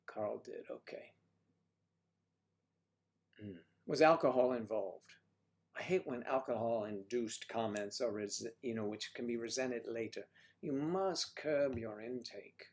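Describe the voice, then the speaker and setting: A man's voice: mid-range voice, unhurried, long pauses. A man hosts a casual livestream and reads viewer comments aloud. He chats in a teasing way and calls his viewers sweetie and honey. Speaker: livestream host reading chat.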